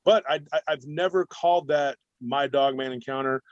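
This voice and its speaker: A man telling a long personal story as a guest in an interview, animated and rambling. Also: medium pitch, normal speed, dry recording. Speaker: guest cryptid researcher. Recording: dull dry remote recording.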